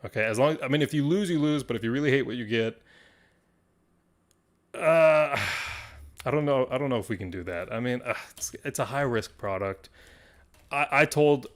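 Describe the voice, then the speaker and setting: A man hosting a live stream from a card shop, talking to viewers in an excitable, rambling way and laughing often. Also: mid-range voice. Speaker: livestream host of a card shop.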